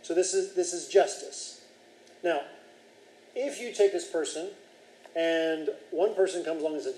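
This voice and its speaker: Man teaching a Bible class, mellow voice. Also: a little high, normal speed, echoey room, low-quality recording. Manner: reads scripture, then explains and quizzes the class.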